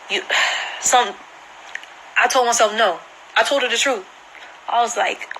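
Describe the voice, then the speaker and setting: A woman's voice: a little high, fairly even intonation, measured pace, pauses often, sharp tone, slight background noise, poor audio. A woman vlogger giving an emotional personal account to camera, earnest and repeating herself for emphasis. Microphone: phone screen recording.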